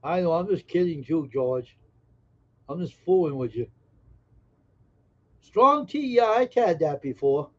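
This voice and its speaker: A man's voice: fairly high pitch, expressive, a little slow, pauses often, a bit bright, muffled recording. A man hosting a casual live stream, joking brashly and teasing viewers in chat. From Massachusetts.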